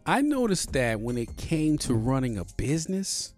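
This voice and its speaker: A man's voice: medium pitch, big pitch swings, moderate pace, soft background music. A man in his forties hosting a podcast in a casual monologue, laid-back and profane, with lots of "you know" fillers. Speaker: podcast host. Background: soft beat playing underneath.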